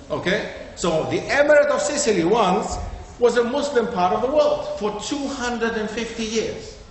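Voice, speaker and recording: A man giving an interactive talk to an audience, often quizzing them and checking with "okay?" as he goes. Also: sits high. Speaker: lecturer. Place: community centre hall. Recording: echoey hall with faint noise.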